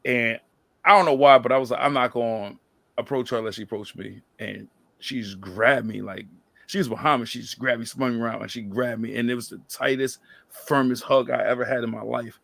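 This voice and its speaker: A man hosting a podcast, chatting casually and telling animated stories where he acts out other people's lines. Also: mid-range voice, a little fast, creaky, dry recording. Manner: animated storyteller, quotes people in lively voices. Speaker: podcast host. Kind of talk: casual chat.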